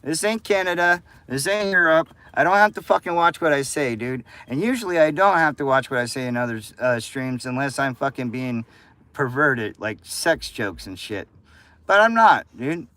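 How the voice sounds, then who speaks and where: Talking at a moderate pace, this American streamer has a mid-range, sharp voice with lively intonation and no echo. He rants at his chat casually, swearing and picking fights with viewers.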